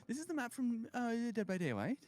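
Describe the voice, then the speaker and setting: A man's voice: very high voice, huge pitch swings, brisk, a little mellow, no echo. A man co-streaming a game, joking bluntly and swearing casually. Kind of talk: casual gaming stream chat.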